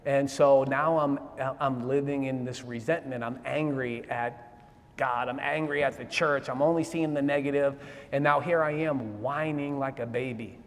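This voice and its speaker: A man shares his personal testimony in a hall, his voice sitting a little high. He talks in a lively, streetwise way, often checking in with his listeners. A long reverb trails behind his words. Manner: animated, streetwise, repeats "right?" to the crowd. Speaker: speaker giving testimony.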